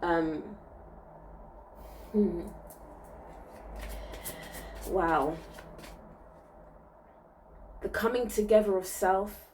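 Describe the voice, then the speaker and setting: A woman's voice: on the low side, mellow, distant mic, slight background noise, poor audio. A woman giving a spiritual reading to viewers in a soothing, reassuring way, often checking in with "okay?". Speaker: spiritual reader.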